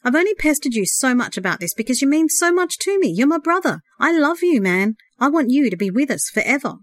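A woman's voice: high-pitched, big pitch swings, fairly quick, no echo, pitched above the performer's own voice. A woman reading the lines of an earnest young man who pleads emotionally with his brother. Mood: impassioned.

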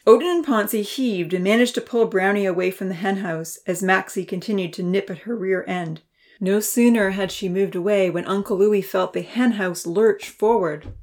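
A woman narrating a children's storybook, voicing the characters with a higher pitch and dropping to a whisper for quiet thoughts. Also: moderate pace. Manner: reads characters' lines with raised pitch and soft whispers.

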